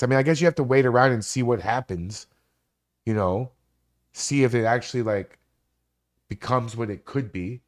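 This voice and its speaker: A man in his forties hosts a live stream, rambling through casual stories with lots of swearing and animated delivery. His voice sits at medium pitch and moves at a moderate pace.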